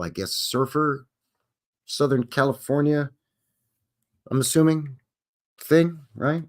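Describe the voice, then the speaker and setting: A man's voice: medium pitch, a little slow, pauses often. A man from Canada, hosting a live stream in a rambling chat that acts out quoted voices and answers viewers. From Western Canada. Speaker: livestream host.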